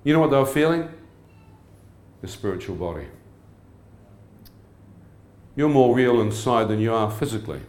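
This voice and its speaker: A man preaching a testimony sermon, animated and questioning his listeners. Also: medium pitch, moderate pace, long pauses. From New Zealand. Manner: animated, asks the crowd questions. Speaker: evangelist. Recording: echoey hall.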